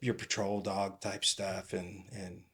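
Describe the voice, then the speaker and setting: Middle-aged ex-cop guest, lowish voice, halting rambling anecdotes with lots of fillers. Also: male voice, flat delivery, fairly bright tone, husky. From California. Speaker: retired police captain, podcast guest. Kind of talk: casual interview storytelling.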